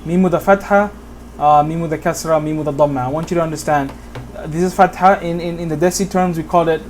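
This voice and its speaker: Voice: medium pitch, fairly even intonation, fast, a little hiss or hum. A teacher from Bangladesh giving a whiteboard lesson on Quran pronunciation, patiently repeating examples and often checking in with the listener. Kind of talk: whiteboard tutorial.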